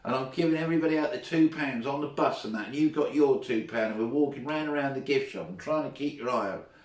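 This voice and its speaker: A middle-aged man recalling old school stories in a chatty, laughing way. He keeps his voice at an ordinary middle pitch. The sound is roomy and comes from some distance away from the mic. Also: fast. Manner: chatty, laughs often while telling anecdotes. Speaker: former teacher, guest. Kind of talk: casual storytelling.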